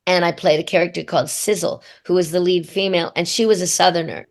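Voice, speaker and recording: Gravelly-voiced woman, reflective interview guest. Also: lowish voice, fairly even intonation, quick pace. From Australia. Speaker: voice actor guest. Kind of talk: casual interview answers.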